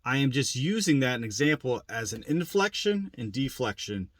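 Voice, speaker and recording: A man's voice: mid-range voice, animated, normal speed, dry recording. A man giving a plain-spoken, casual lesson on turkey calling, repeating his points as he goes. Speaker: turkey hunting instructor. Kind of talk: casual instructional demo.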